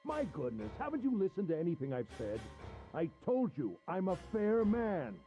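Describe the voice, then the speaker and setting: An actor playing a sadistic, gentlemanly middle-aged male captor in a video game, speaking in a mocking, theatrical way with giggling menace. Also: sits high, wildly swooping pitch, normal speed, loud music behind the voice. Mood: condescending.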